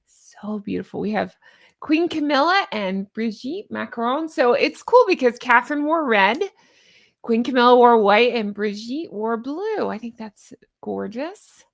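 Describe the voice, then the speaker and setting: A woman's voice: on the high side, vocal fry. A woman with a Southern American accent, chatting in a gushing, giddy way as she comments on royal news. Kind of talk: casual chat.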